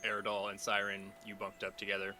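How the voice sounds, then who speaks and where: A man's voice: fairly low pitch, completely flat delivery, fast, bright, forceful tone, a little hiss or hum. A man narrating as game master of a tabletop game, laughing often as he goes.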